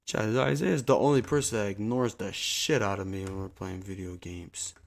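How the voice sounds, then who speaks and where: A man streaming from a small home desk, chatting to viewers in a slangy, profane, rambling way into a desk mic, sometimes yelling at a friend. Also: on the low side, steady tone, normal speed, vocal fry. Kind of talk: casual live-stream chat. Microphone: desk mic on a soundboard.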